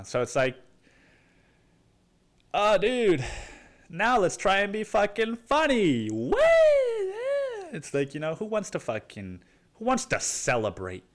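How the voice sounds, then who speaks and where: A young man hosting his own podcast, rambling and swearing casually, saying "dude" constantly and jumping into mock voices. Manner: animated, jumps into high mock voices. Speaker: podcast host. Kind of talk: casual solo podcast monologue.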